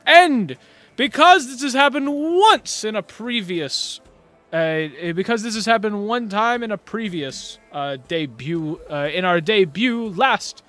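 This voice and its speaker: A man doing a booming tournament announcer. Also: expressive, faint music behind, full character voice. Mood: proclaiming. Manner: loud, proclamatory, halting with fillers. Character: boisterous male archery tournament announcer.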